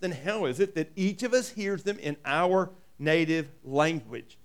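A man's voice: on the high side, expressive, unhurried. A man preaching a sermon in a folksy way, reading scripture and adding joking asides. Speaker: pastor.

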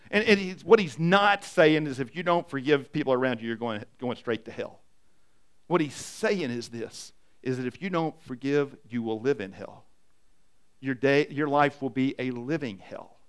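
A man's voice: on the high side, moderate pace, clean tone. A middle-aged man, a pastor, preaching an emphatic, story-driven sermon. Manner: emphatic, animated storytelling with repetition.

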